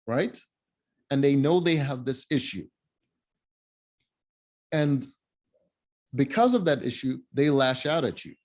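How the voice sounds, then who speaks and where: A man giving casual, opinionated commentary while reviewing a reality show, blunt and mocking. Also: fairly high pitch.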